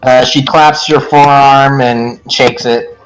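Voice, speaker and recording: A man playing a tabletop role-playing game, speaking for his character and describing what she does, in halting sentences. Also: medium pitch, steady tone, a little hiss or hum, poor audio. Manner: halting, stops and restarts mid-sentence.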